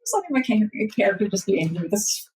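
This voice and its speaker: A woman playing a tabletop game, blunt and quick to swear. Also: mid-range voice, big pitch swings, a little mellow, roomy sound. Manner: blunt, swears, laughs easily. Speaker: player. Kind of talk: casual tabletop play.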